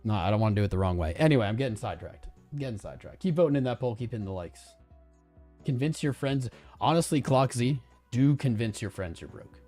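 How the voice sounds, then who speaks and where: A young man rants casually to his livestream viewers, calling them "guys" and "man". His voice is mellow and fairly dark, at an ordinary male pitch. Faint music plays underneath. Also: quick pace. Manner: animated, slangy, talks to viewers as "guys" and "man". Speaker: crypto trading streamer.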